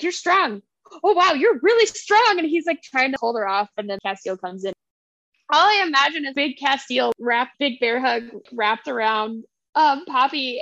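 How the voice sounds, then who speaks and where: A woman's voice: high voice, fairly bright tone, no echo, dull audio. A young woman co-hosting a podcast, animatedly retelling a story's scenes and laughing often. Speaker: podcast co-host. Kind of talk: casual book chat.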